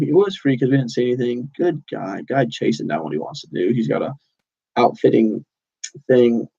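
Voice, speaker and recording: A man's voice: mid-range voice, a little fast, gravelly, mellow, dull audio. A young man rambling casually to his channel's viewers, loose and meandering with lots of fillers and restarts. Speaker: channel host. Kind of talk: casual rambling monologue to camera.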